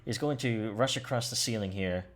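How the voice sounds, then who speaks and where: A man serves as game master for a tabletop game, describing rules and combat in a loose style that gropes for words. His voice is fairly low and moves at a moderate pace.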